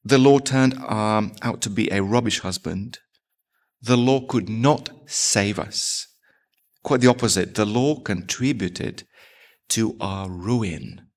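A man's voice: fairly low pitch, takes it slowly. A man preaching a sermon as pastor, asking his congregation rhetorical questions.

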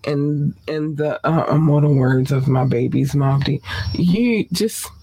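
A man hosting a podcast, closing the show with playful, animated talk, casual swearing and sing-song repeats. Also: on the high side, slow, a little hiss or hum. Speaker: podcast host.

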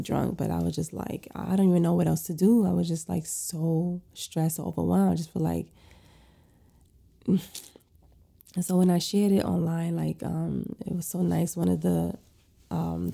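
Young woman, husky and dark-toned, casual stressed storytime delivery. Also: fairly low pitch. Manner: venting, stressed, conversational with fillers. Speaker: lash and facial technician.

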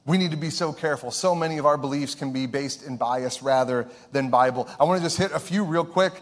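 A man's voice: on the high side, fairly quick. A male pastor from Ohio preaching a sermon in an earnest, emphatic way, repeating his key phrases.

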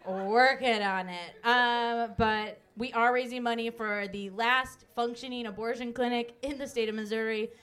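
A woman co-hosting a live podcast, joking and swearing in quick banter. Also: on the high side, fairly even intonation, a bit bright. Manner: rapid, profane, joking. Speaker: podcast co-host. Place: live event with crowd.

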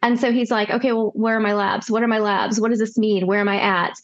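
A woman's voice: medium pitch, fast, lo-fi sound. Storytelling woman nurse practitioner. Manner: lively, acts out quoted dialogue. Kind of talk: casual storytelling.

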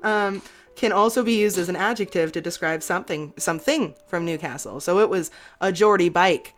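A woman's voice: fairly low pitch, fairly quick, faint music behind. A woman hosting a podcast in casual chat, self-mocking and laughing often. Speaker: podcast host.

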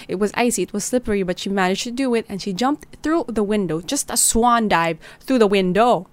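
A woman, hosting a true-crime podcast, narrating a story in a casual, dramatic way with Tagalog phrases mixed in. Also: medium pitch. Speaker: podcast host.

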